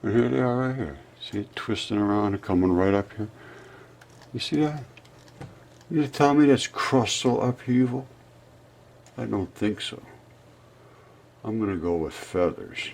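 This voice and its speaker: Old guy in his 70s, kinda husky and low, walks you through a map and argues back at doubters. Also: animated, a little slow, long pauses, darkish tone. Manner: insistent, rebutting imagined objections; jumps up in pitch when pointing things out. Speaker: presenter of a fringe geology channel. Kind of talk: narrating over a map presentation.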